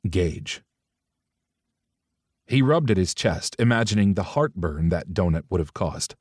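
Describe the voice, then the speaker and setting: A man's voice: low voice, a little mellow, no echo, studio quality. A man narrating a romance audiobook, switching into different voices for the characters' dialogue.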